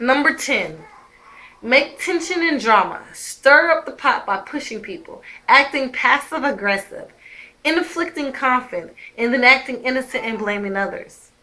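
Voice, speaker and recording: A woman's voice: high voice, expressive, a little slow, sharp tone. A young woman telling her own story as a mother, emphatic and heated, swearing often. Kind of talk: emotional personal storytelling.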